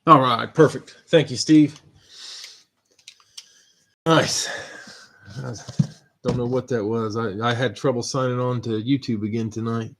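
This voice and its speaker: A man hosting a live stream, steadily reading out viewer names and teams with relaxed asides. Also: mid-range voice, unhurried, long pauses. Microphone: computer mic on a live stream.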